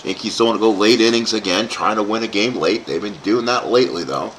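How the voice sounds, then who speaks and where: A man's voice: lowish voice, fairly quick, fairly bright tone, a little hiss or hum. A man calling play-by-play for a tabletop baseball game he is playing himself, rambling into asides for his live chat. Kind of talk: play-by-play commentary of a dice game.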